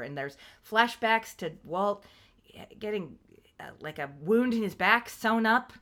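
A woman co-hosting a casual TV recap podcast, talking animatedly, swearing and acting out scenes in quick quoted asides. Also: mid-range voice, lively intonation, fairly bright tone. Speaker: podcast co-host.

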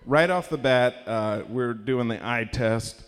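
Performing at a live comedy showcase in a large hall, a comedian tells a rambling, filler-laden story and laughs at his own jokes. His mid-range voice is clean in tone and a little slow.

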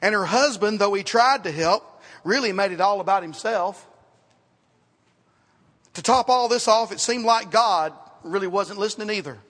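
A man preaching a sermon as pastor, in a conversational style, repeating words and dropping to quiet asides. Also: sits high, normal speed. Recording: reverberant hall, sometimes off mic.

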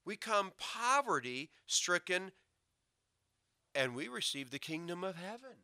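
Male pastor, very bright tone, slightly high; loud emphasis, then low asides. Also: very animated, a little slow, no room sound, clean studio sound. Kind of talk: sermon.

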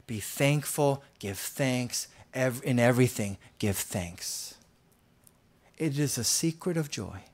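A man preaching a sermon as pastor, in an earnest voice that rises loud for scripture and drops to near-whispers, often repeating and restarting his words. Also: mid-range voice, lively intonation, slow.

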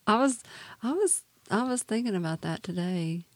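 A woman's voice: medium pitch, expressive, moderate pace, no echo. A woman co-hosting a podcast in casual chat, talking in a heartfelt, rambling way with many restarts. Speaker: podcast co-host.

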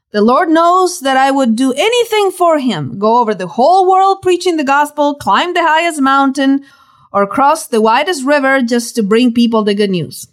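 A woman's voice: high-pitched, lively intonation, normal speed. A woman reading her own devotional book aloud, telling stories with dramatic, preacherly emphasis.

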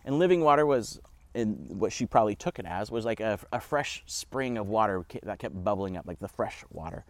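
Man, Bible teacher, lively pitch, conversational, dry close recording. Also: a little fast, no room sound. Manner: conversational, animated, uses casual asides. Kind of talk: casual Bible teaching podcast.

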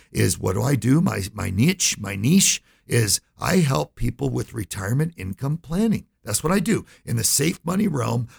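A man's voice: medium pitch, gravelly, a little mellow, slightly rough. A middle-aged man, a financial advisor, telling a story in an interview and acting out the voices he quotes.

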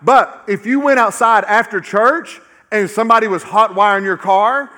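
A man with a notably high voice preaching a sermon in church. He drives his points home by repeating them with emphasis. Then he lets many lines sink to a hushed, low close. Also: moderate pace. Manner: emphatic, repetitive, often dropping to a low quiet finish. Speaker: pastor.

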